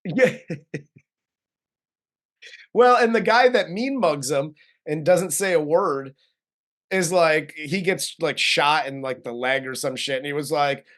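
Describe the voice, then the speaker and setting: A man co-hosts a casual movie review, recapping the plot in a loose, chatty way with frequent laughs. His voice sits a bit on the high side. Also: takes it slowly, long pauses, fairly bright tone. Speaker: co-host film reviewer.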